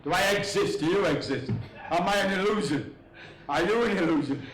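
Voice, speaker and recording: On stage before a live audience at a comedy venue, this stand-up comic works through rambling, crude jokes, chuckling at his own punchlines. His high voice is a bit bright and a little fast. Crowd laughter and room echo are audible in the recording.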